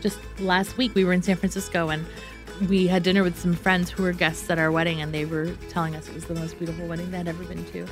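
A woman's voice: lowish voice, little pitch movement, fast talker, over music. A woman guest telling, in an earnest reflective way, how she met and married her husband. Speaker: interview guest, wife. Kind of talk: reflective storytelling.

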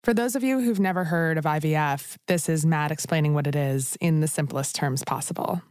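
A woman hosting a podcast who narrates in a chatty, conversational way and talks directly to her listeners. Her voice sits a little low for a woman and the recording is close and dry, with no room sound. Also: fairly quick, a little mellow, clear, resonant tone, dry recording. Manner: chatty, speaks straight to listeners. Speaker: podcast host.

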